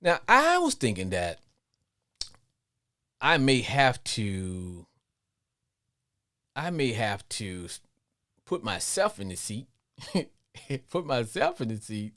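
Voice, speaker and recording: Lively, rambling man ranting about football. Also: slow, pauses often. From Arkansas, with Louisiana family. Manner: rambling, repeats words, laughs often, lively swings in pitch. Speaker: podcast host. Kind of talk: live sports call-in rant.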